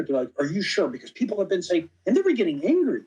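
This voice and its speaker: A man's voice: fairly high pitch, quick pace, slightly rough, rough recording. A man, a guest on a podcast, telling casual anecdotes and acting out what other people said, with plenty of "you know.". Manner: animated anecdotes, acting out quoted dialogue; frequent fillers like "you know". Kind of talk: casual storytelling interview.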